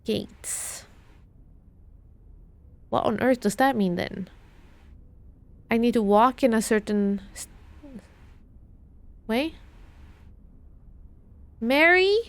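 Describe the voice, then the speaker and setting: British woman streamer, higher voice, slow and musing, talks herself through puzzles. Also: animated. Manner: muttering, puzzling things out slowly, repeating clues. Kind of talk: thinking aloud while playing a puzzle game.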